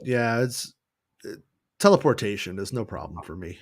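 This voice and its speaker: A man's voice: fairly low pitch, lively intonation, normal speed, vocal fry, no echo, studio quality. A man hosting a casual fan news show, chatting loosely with many restarts and joking asides. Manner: rambling, restarts, jokey put-on voices. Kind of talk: casual livestream chat.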